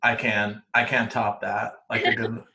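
A man's voice: fairly low pitch, little pitch movement, unhurried, bright, forceful tone. Wry joking man, roomy sound. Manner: joking, wry, laughs often. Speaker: podcast co-host. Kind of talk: casual podcast chat. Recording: roomy echo.

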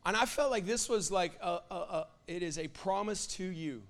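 High-voiced impassioned preacher. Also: male voice, moderate pace. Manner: impassioned, builds to loud prophetic declarations with fillers like "like". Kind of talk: sermon.

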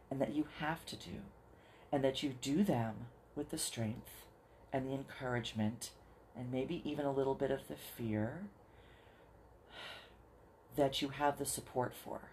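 A podcast host talking straight to listeners in an earnest, encouraging way, slowing down to spell things out. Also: medium pitch, mellow, slight background noise. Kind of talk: solo podcast talk to listeners.

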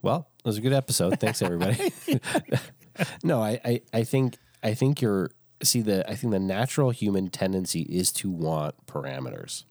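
A man co-hosting a casual faith podcast, playful and quick to joke. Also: lowish voice, lively intonation, darkish tone, no room sound, studio quality. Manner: playful, jokey, jumps into silly voices. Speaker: podcast co-host.

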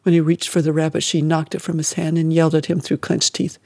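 A man reading an audiobook in a measured, dramatic way that drops to a quiet, hushed tone. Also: fairly high pitch, monotone, no echo, clean studio sound. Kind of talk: scripted audiobook narration.

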